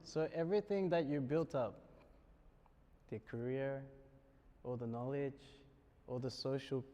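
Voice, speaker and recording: An Australian man speaks to students in a university lecture hall at a middle pitch, with a long reverb trailing behind his voice. He keeps it light and jokey and chuckles between points. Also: a little slow, mellow, muffled recording. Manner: joking, chuckles often. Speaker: spiritual speaker.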